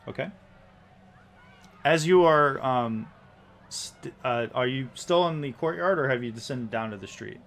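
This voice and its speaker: A man narrating a tabletop game as game master, halting often with ums and restarts. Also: medium pitch, creaky, fairly bright tone.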